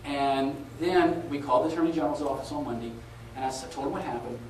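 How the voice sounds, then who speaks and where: Middle-aged male conference speaker, animated storyteller, recorded far off in a noisy, reverberant hall. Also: medium pitch, fast talker. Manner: animated storyteller, laughing at his own story. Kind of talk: live anecdotal talk. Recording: echoey live hall, taped from a distance with noise.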